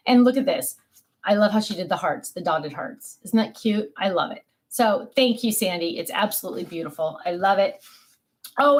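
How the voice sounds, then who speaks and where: A middle-aged woman hosting a casual live stream, gushing over cards and reading viewer comments aloud. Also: mid-range voice.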